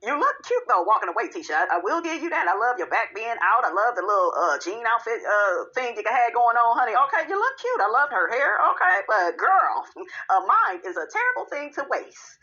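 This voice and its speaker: A woman's voice: mid-range voice, big pitch swings, fairly quick, sharp tone, lo-fi sound. A woman giving a sassy, casual recap of a reality show, tossing in "honey" and "okay" all the time.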